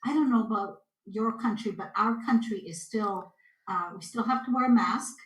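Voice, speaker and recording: A Canadian woman, a guest, chatting in a lively storytelling way on a video call and acting out the voices in her stories. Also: mid-range voice, moderate pace. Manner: animated storyteller, acts out quotes. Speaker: guest intuitive. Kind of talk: casual interview chat. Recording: echoey room.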